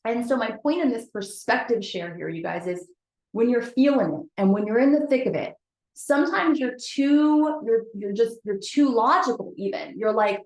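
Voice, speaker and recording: A woman's voice: fairly high pitch, lively intonation, moderate pace, a little mellow. Woman, motivational host, candid, chatty, talks to her viewers, echoey room. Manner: candid, chatty, addresses viewers as "you guys". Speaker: host of a weekly motivational live video. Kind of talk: casual motivational talk to a live audience. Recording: roomy echo.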